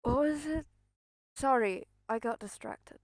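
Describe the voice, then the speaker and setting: A woman's voice: sits high, a little slow, no room sound, studio quality. A young woman streaming live, chatting in a rambling, nervous way, repeating herself and swearing, a bit out of breath. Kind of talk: casual live-stream chat.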